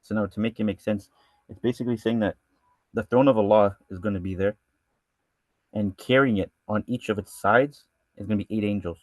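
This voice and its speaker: A man with a somewhat low voice leads a scripture lesson at a brisk clip. He reads the Arabic lines and translates them in a loose, conversational way, stumbling and restarting as he goes. The sound is dry and close. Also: fairly even intonation, no echo. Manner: reads Arabic verses, then translates and explains with many restarts; casual and conversational in his explanations. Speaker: religious studies teacher.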